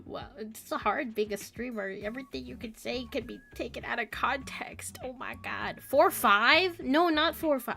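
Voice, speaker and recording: A young woman, a streamer chatting casually with her live chat, giggly and quick to react. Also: a little high, expressive, bright, forceful tone, faint music behind. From Canada.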